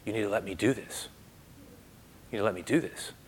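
Man doing a quiet, gentle Jesus, low and soothing. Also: fast, slight background noise, natural voice. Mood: reassuring. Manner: soft, low, reassuring.

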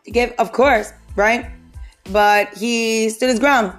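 Slow-talking woman riffing on a podcast. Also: on the high side, soft background music. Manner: animated, jokey, slips into quick impressions. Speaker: podcast host. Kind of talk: casual comedic riffing.

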